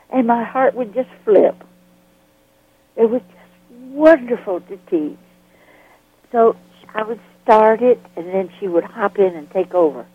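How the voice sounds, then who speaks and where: An older woman from the Southern United States recalls her experiences in an interview, slipping into the voices of the people in her stories. Her voice is husky, and she talks slowly. The sound is thin and tinny, like a phone line. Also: medium pitch, dry recording. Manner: lively storyteller who acts out quoted dialogue. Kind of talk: storytelling reminiscence.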